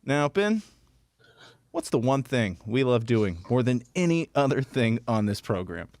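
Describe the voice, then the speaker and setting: A man's voice: medium pitch, big pitch swings, a little slow, darkish tone, no room sound. A man co-hosting a casual comedy talk show, teasing his partner and leading into segments. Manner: dry teasing, leads segments. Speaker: co-host.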